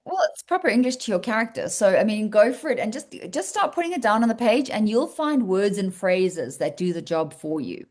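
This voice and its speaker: A woman's voice: mid-range voice, sing-song, fairly quick, hardly any pauses, darkish tone. A South African woman leading an online writing workshop, explaining patiently and encouragingly with plenty of fillers over a video call. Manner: explanatory, encouraging, thinks aloud with many fillers.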